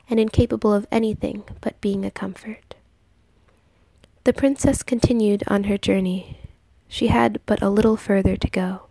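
A woman narrating a story in a soft, hushed, partly whispered reading. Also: mid-range voice, creaky, no room sound.

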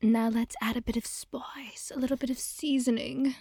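A young woman in a whispered role-play as a girlfriend, talking softly with playful giggles. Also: fairly high pitch, level tone, normal speed, breathy edge, no room sound, studio quality.

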